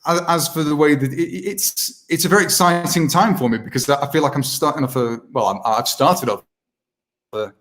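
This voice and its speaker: A man's voice: on the high side, moderate pace, fairly bright tone, a little hiss or hum. A British man, an impressionist guest, chatting casually over a video call, rambling and self-mocking with many restarts. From Britain.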